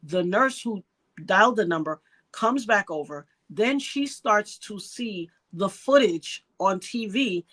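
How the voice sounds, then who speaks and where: A woman's voice: medium pitch, animated, takes it slowly, fairly bright tone. A middle-aged woman from New York giving an emotional personal account in an interview, acting out the voices of the people in her story. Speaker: interview guest.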